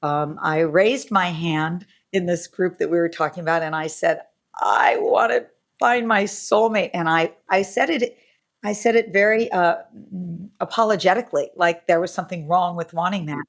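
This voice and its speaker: Middle-aged woman host, deep-set voice, effusive interview manner. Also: normal speed. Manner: warm, effusive and gushing. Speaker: podcast host. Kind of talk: podcast interview.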